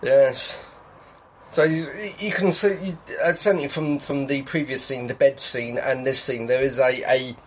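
A man co-hosting a casual episode commentary, halting and repeating words as he searches for them. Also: medium pitch, steady tone, a little hiss or hum, low-quality recording. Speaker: podcast co-host.

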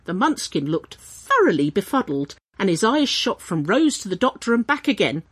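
A woman reading a comic story aloud, with lively, animated delivery and playful voices for the characters. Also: medium pitch, normal speed, slightly rough.

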